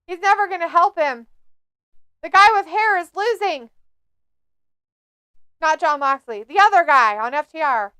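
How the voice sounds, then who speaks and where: Bright, high-voiced snarky woman commentator. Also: animated, unhurried, pauses often, no room sound. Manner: snarky, jokey, mocking the wrestlers. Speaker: watch-along host. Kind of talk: casual live-stream commentary.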